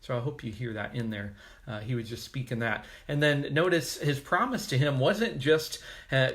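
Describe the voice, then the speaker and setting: A man's voice: medium pitch, normal speed, a bit bright. A male pastor giving a casual, conversational devotional sermon with joking asides.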